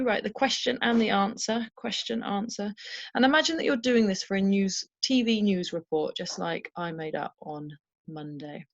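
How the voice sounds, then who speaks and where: A woman's voice: medium pitch, fairly bright tone, no room sound, dull audio. Dry-voiced woman teacher. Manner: clear, encouraging, checks in with "okay?". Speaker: primary school teacher. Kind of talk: recorded home-learning lesson.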